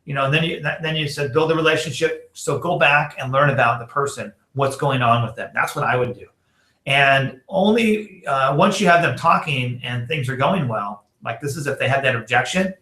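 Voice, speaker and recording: A bright, forceful man gives a chatty training talk to a room of sales reps. His voice sits a little higher than most men's. He acts out text message exchanges and fills his talk with "you know" and "like", and the sound carries an echo from the room. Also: brisk. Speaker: network marketing trainer.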